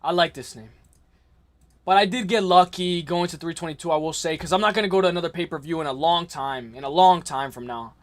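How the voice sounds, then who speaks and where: A man's voice: fairly high pitch, brisk. A young man from the New York area hosting a late-night livestream. He rambles casually, answers chat messages and laughs often. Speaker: livestream host.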